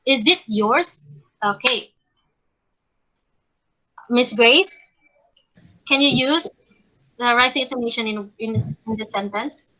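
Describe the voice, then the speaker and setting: A young woman leads an online lesson as the teacher. Her voice sits high and bright, and she talks slowly, restarting her sentences often. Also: low-quality recording. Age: young adult. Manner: slow and halting, with many restarts. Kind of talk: role-played classroom lesson. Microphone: online call.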